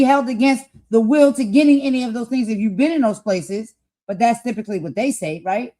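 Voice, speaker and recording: A woman from the United States hosting a political talk show, speaking with impassioned conviction and growing loud as she makes her points. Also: a little high, a little fast. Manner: impassioned, grows loud and emphatic. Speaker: host. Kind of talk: heated political commentary.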